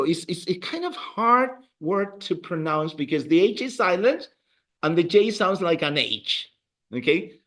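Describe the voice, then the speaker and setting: Slow, animated male Spanish teacher. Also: a little high. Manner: patient, repeats words for the class to echo. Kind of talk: classroom language lesson. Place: classroom.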